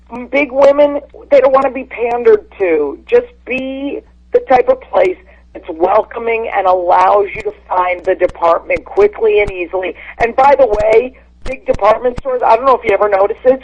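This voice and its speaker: A woman's voice: on the high side, moderate pace, darkish tone. Woman, comedian phoning in, blunt and brassy, dull phone-line sound. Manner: blunt, brash insult-comic delivery. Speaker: guest comedian calling in. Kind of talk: phone-in podcast chat.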